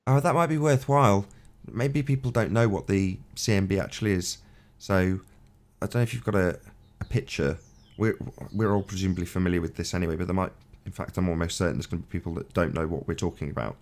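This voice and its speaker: A man hosting a casual group call, joking and moderating who speaks next. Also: low-pitched. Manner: quick, joking, apologetic moderator. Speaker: host.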